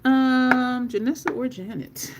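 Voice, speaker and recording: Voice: sits high, steady tone, takes it slowly, background noise. A makeup livestream host chatting casually with viewers while applying makeup, laughing often and cursing now and then in conversation.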